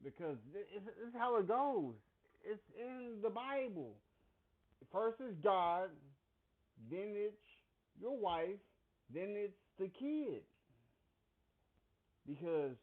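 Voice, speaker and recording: A married man speaking slowly and earnestly in a casual monologue, sounding a little preachy. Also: high voice. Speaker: married man giving his view. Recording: phone-like, lo-fi audio.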